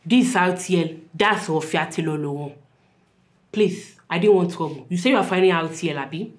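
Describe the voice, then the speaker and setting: A woman's voice: fairly low pitch, normal speed, natural voice. A woman with a Nigerian accent playing a blunt, comic young tailor who scolds in broken English. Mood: teasing.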